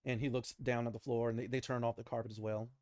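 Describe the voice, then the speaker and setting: A man's voice: medium pitch, flat delivery, fast, darkish tone, no echo, clean studio sound. Casual laughing male game master. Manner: casual, laughing, many fillers. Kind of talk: narrating a tabletop game.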